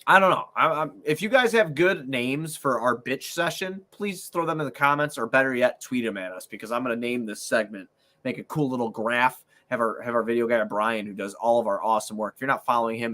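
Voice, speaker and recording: A man's voice: medium pitch, fairly quick, pushed and bright. A man hosting a casual sports podcast, ranting angrily and swearing constantly. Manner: profane, angry ranting. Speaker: podcast host.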